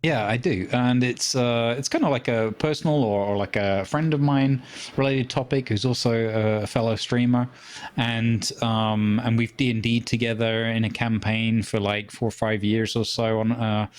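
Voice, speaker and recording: A man with an ordinary, mid-range voice chats casually as a podcast co-host. He hesitates a lot and fills his pauses with ums and uhs while he searches for words. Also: medium pitch, fairly even intonation. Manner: hesitant, many fillers and restarts.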